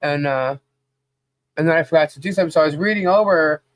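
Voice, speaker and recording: A woman's voice: low-pitched, quick pace, dry recording. A woman co-hosting a casual livestream podcast, chatty, laughing often and greeting viewers by name. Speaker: podcast co-host.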